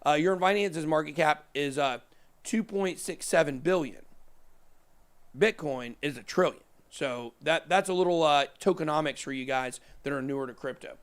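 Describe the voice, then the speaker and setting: A man in his thirties hosting a casual crypto show, rambling through price charts with joking, self-deprecating asides. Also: fairly high pitch. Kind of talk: casual chat over live price charts.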